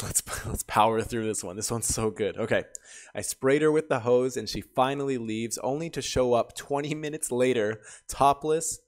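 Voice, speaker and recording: A man reads stories out loud in a mid-range voice, neither high nor low. He keeps stopping to react with bursts of excited, laughing commentary before picking the story back up. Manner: animated, laughing reactions between readings. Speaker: YouTuber reading Reddit stories. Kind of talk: reading stories aloud with commentary.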